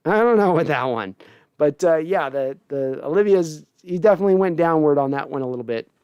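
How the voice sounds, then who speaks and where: A man's voice: on the high side, animated, fairly quick, smooth, dry recording, highs cut off. A man hosting a casual livestream, reading chat messages aloud, joking, swearing and laughing often. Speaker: podcast host reading live chat.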